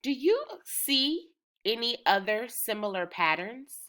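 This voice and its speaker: Slow, bright-voiced woman teaching toddlers. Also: on the high side, very animated. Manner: encouraging, drawn-out, rhythmic chanting. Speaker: preschool teacher. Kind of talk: slow, sing-song lesson for small children.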